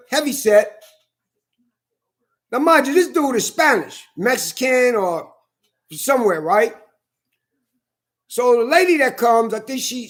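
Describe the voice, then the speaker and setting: A man with a fairly high voice delivers a heated monologue straight to his camera. He curses constantly and circles back over the same points as he vents. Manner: heated, profane, repetitive venting. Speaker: vlogger. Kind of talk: angry ranting monologue.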